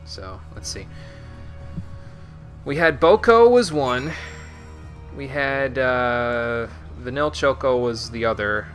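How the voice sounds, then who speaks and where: A young man with a bright, forceful voice chats casually while streaming a game, often trailing off into quiet mumbles and chuckles. Soft game music hums behind him. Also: medium pitch, expressive, slow, long pauses. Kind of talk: casual gameplay commentary.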